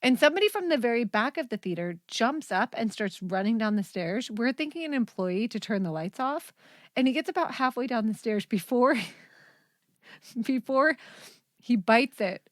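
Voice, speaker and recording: A woman's voice: a little high, animated, a little slow, no room sound, clean studio sound. Giggly woman podcast host. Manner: giggly storyteller, laughs often. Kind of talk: casual chat.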